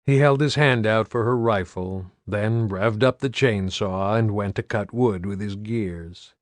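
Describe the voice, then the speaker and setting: A man reading an audiobook as narrator with an even, steady delivery. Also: on the low side, a little slow, dry recording, clean studio sound. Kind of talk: scripted narration.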